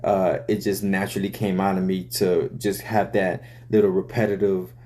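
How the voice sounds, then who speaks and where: A man's voice: low-pitched, level tone, moderate pace, mellow, a little hiss or hum. A man, a rapper, casually explaining the story behind his song's lyrics in loose, profane talk full of fillers.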